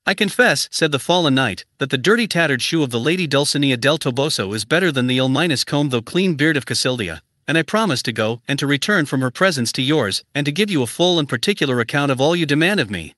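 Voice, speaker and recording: A man reading a classic novel aloud as an audiobook narrator, in an even, measured way that keeps the dialogue close to his narrating voice. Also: mid-range voice, no echo. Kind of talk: scripted narration.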